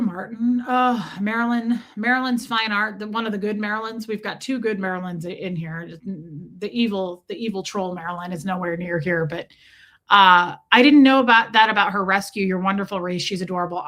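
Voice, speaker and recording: A woman's voice: mid-range voice, fairly bright tone. A woman hosting a casual livestream, chatting, reading comments aloud and baby-talking to her dogs. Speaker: livestream host.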